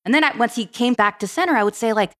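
A woman guest on a podcast, telling stories in a casual, animated way and acting out bits of dialogue. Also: a little high. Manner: animated, quick, acts out dialogue. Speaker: podcast guest, tech program director. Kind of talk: casual storytelling.

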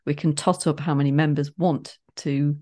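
A woman's voice: low-pitched, fairly even intonation, normal speed, darkish tone. A middle-aged woman co-hosting a casual podcast, playful and teasing. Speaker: podcast co-host. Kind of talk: casual chat.

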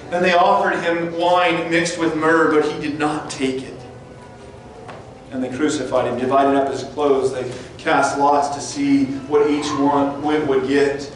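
A man preaching a sermon and reading scripture aloud, his voice climbing high and loud for the mockers and dropping low and quiet for the somber moments. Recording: distant mic in a very echoey room with faint noise.

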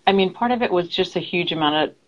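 A woman speaks in a lowish voice about her private therapy practice. She talks earnestly and haltingly, with plenty of fillers and restarts. Her audio sounds dull and lo-fi, as if it came from a remote call. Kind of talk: casual interview chat.

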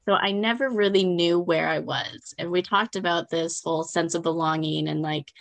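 A young adult woman in a casual interview, telling a personal story in a chatty, animated way, often acting out what others said and laughing. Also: lowish voice, normal speed, gravelly. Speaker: guest.

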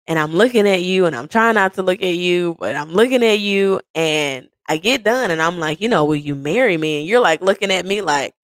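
A woman hosting a personal podcast, telling the story of her proposal to her partner in an animated, playful way. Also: on the low side, a little fast, hardly any pauses, no echo. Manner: animated, playful, acts out quoted voices. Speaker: podcast host.

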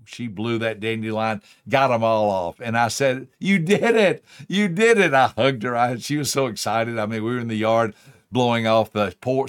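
A man's voice: on the low side, fairly bright tone. A middle-aged man hosting, giving an earnest motivational talk full of stories and pleading emphasis. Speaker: speaker and host.

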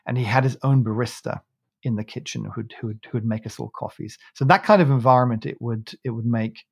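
A man's voice: mid-range voice, fairly quick, creaky, husky, no echo, clean studio sound. A man hosting a coffee podcast, telling a long anecdote in a loose, rambling way with frequent restarts. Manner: rambling, many restarts, laughs while telling. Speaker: podcast host. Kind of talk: casual chat, storytelling.

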